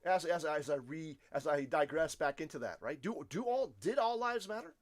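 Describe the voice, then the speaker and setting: A man's voice: a little high, animated, moderate pace. Opinionated man streaming live commentary. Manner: opinionated, rhetorical questions, frequent restarts; addresses viewers as folks. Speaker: livestream commentator. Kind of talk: casual livestream commentary. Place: Poland.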